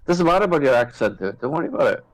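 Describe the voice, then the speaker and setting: A man's voice: mid-range voice, sing-song, racing, poor audio. A man co-hosting a casual chat, loose and laughing, swearing freely as he reminisces.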